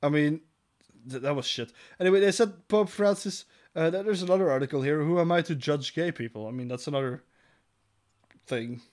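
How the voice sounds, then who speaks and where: A man's voice: a little high, a little fast, a little mellow. Profane sarcastic man reading news. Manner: profane, sarcastic, reads articles aloud with asides. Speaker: podcast co-host reading news articles. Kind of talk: crude comedic podcast banter.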